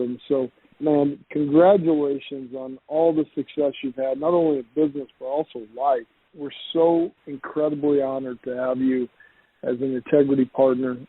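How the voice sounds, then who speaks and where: A man's voice: medium pitch, husky, no echo. A man hosting a podcast interview, enthusiastic and welcoming toward his guest. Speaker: podcast host. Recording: dry tinny phone-like line.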